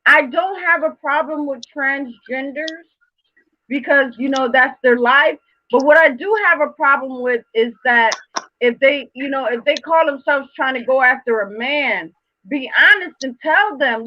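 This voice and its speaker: A woman host with a high voice asks questions and pushes her points emphatically, repeating herself as she goes. Her dry, close audio comes over a dull, lo-fi call line. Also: unhurried, dry recording. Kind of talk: casual chat.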